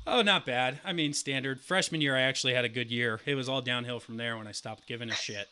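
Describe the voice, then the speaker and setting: A young man in his twenties co-hosting a casual sports podcast, telling a profane story and acting out the quotes loudly. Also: medium pitch, fast talker, clean tone. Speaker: podcast co-host.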